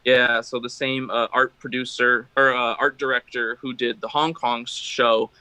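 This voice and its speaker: A man with a bright, forward voice talks as a guest in a casual interview. He rambles a bit, full of fillers and false starts. His voice sounds close and dry. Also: medium pitch, level tone, a little slow, smooth, no echo, low-quality recording. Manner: rambling, many fillers and restarts. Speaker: guest, drum maker.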